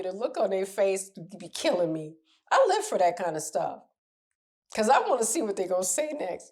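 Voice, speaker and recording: A middle-aged woman coach talking candidly to camera, animated and laughing as she acts out what people say to her. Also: medium pitch, normal speed. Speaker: relationship coach. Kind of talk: casual advice talk to camera.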